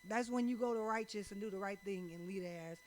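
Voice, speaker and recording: A woman's voice: medium pitch, fast talker, crowd noise. A woman guest on a casual podcast chat, talking bluntly and emphatically as she backs up the host.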